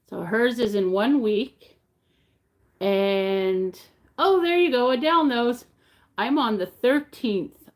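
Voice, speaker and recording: A middle-aged woman, chatting casually on her crochet livestream and greeting viewers by name as she reads the chat. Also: fairly high pitch. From Canada.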